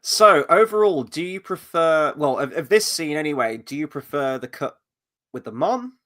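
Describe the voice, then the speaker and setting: Male host for a film review podcast, slightly high voice, chatty and animated, talks loosely and conversationally. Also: normal speed. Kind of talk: casual film discussion.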